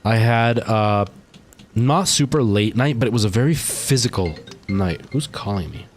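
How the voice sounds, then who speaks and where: This Canadian man streaming a game live has a lowish, animated voice at normal speed, with soft music behind him. He sounds tired as he rambles casually and chats with his viewers while he plays.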